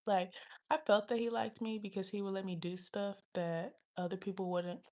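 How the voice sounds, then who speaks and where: A woman's voice: medium pitch, little pitch movement, darkish tone. Rambling young woman telling a story. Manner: rambling, slangy, reenacts others' lines with quick asides; drops into whispers when swearing. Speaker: livestream host. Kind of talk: casual storytelling to viewers.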